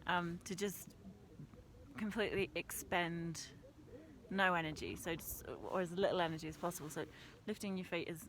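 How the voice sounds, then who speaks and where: A woman's voice: on the low side, fairly even intonation, normal speed, a bit bright. A young woman talking casually and reflectively outdoors on a mountain trail, laughing often at herself. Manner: chatty, laughs often, self-deprecating. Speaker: vlogger.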